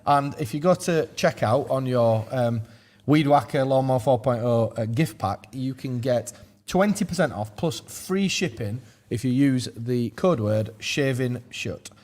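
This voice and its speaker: Man, forties, podcast host, jokey and rambling, mid pitch. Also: lively intonation, a little slow, hardly any pauses, a little mellow. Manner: jokey, laughs often, rambling. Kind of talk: casual football chat and ad read.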